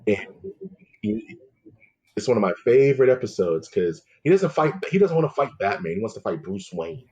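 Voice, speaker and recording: A laid-back man hosts a podcast with a husky, somewhat low voice. He keeps things loose and jokey, peppering his casual chat with "man" and "dude". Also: very animated, normal speed, darkish tone, lo-fi sound. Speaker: podcast host.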